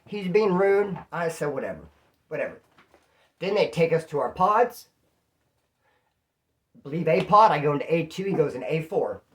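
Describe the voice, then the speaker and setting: A man recounting a jail story in loose, slang-heavy talk. He keeps the telling lively by putting on the voices of the people in it. His tone stays casual and conversational throughout. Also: fairly high pitch, moderate pace, long pauses. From California. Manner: slangy, animated, acts out quoted voices. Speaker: prison storyteller.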